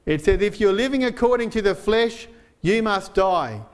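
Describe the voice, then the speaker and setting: Man, pastor, high voice, earnest sermon, fillers and restarts, slowed emphasis on verses. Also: expressive, clean tone. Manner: frequent fillers and restarts while preaching.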